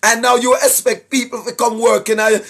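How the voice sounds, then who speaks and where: A man with a Jamaican accent preaching to online viewers in a sing-song, rhetorical way, often asking "right?" and clearing his throat. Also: extremely high pitch, little pitch movement, a little fast, a bit bright. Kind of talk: preachy livestream address to viewers. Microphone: speaking straight to a camera or phone.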